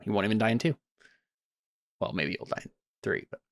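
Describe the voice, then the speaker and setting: A man's voice: lowish voice, lively intonation, fairly quick, vocal fry, no echo, studio quality. A young man running a tabletop game as game master, thinking aloud and laughing often.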